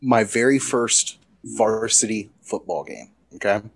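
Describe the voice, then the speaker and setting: A man's voice: lowish voice, a little slow, gravelly, husky. A man co-hosting a podcast, telling a personal anecdote in casual chat and laughing between lines. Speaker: podcast co-host.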